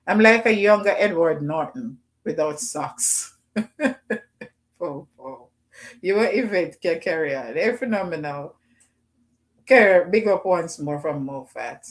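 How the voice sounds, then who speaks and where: A middle-aged woman with a Jamaican accent, hosting a casual livestream and shouting out names from the chat. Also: on the low side, animated, slow pace. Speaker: livestream host. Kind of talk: casual live chat with viewers.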